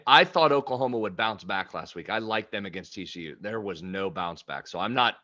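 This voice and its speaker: Podcast co-host, male, bright edgy tone, a little muffled, loose chatty delivery. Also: medium pitch. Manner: chatty, stumbles and repeats words. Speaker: sports betting podcast co-host. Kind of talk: casual sports betting chat.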